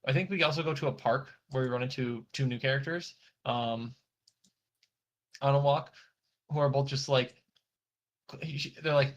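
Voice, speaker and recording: A man's voice: mid-range voice, moderate pace, long pauses. A man co-hosting a podcast, recapping anime episodes in a rambling, casual way, swearing now and then and acting out the characters' lines. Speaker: podcast co-host.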